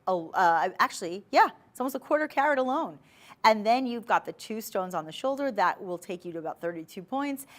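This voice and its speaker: A woman with a mid-range, animated voice talks a little fast as she sells jewelry on live TV from a studio. As a shopping channel host, she chats persuasively and speaks directly to viewers.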